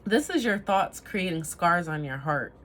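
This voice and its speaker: A woman's voice: lowish voice, animated, a little slow, slight background noise. A woman giving a casual tarot reading to camera, rambling, trailing off and laughing at herself. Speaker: tarot reader.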